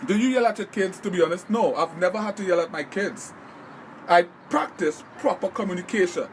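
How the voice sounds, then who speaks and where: A man's voice: high-pitched, brisk, slight background noise, low-quality recording. A man giving earnest, repetitive motivational talk on a live stream, in the manner of a parenting advice host.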